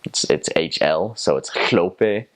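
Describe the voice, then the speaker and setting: A man's voice: rumbling low, normal speed. A young man from North Carolina with a Southern American accent, chatting casually about his time as a missionary and slipping into playful accent imitations. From North Carolina, USA. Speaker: returned missionary. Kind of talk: casual storytelling.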